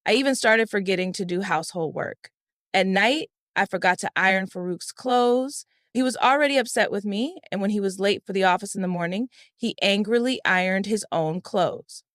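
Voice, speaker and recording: A woman's voice: mid-range voice, normal speed, fairly bright tone, dry recording, clean studio sound. A woman reading a dramatic first-person story with an emotional storytelling manner. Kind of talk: first-person scripted narration.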